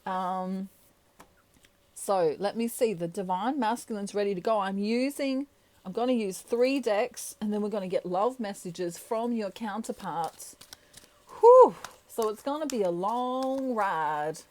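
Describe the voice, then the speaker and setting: A woman speaks slowly and playfully as she lays out a tarot reading, laughing often between her thoughts. Her pitch sits at an average level, and she takes her time with each phrase. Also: a little mellow. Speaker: tarot reader. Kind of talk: casual tarot reading monologue.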